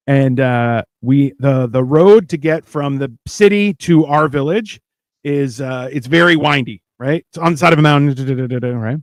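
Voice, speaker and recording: A man's voice: medium pitch, dry recording. A man co-hosting a live stream, telling stories in a casual, profane, laughing way. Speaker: co-host. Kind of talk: casual storytelling chat.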